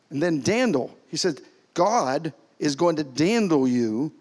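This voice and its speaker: A man preaching as a pastor in a church, animated, swinging between loud calls and soft, hushed lines. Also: fairly high pitch, measured pace. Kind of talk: sermon. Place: church sanctuary.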